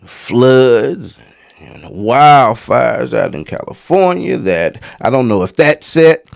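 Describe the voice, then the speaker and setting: Gravelly, lively-voiced commentary host. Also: male voice, mid-range voice, takes it slowly. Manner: rambling, conversational, frequent fillers and asides. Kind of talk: casual commentary monologue.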